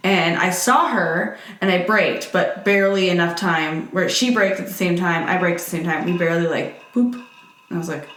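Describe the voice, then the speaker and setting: A woman's voice: on the low side, moderate pace, fairly bright tone. Young woman on a podcast, cussing and joking around, roomy echo. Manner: profane, joking storyteller. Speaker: podcast co-host. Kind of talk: casual chat. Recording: echoey room.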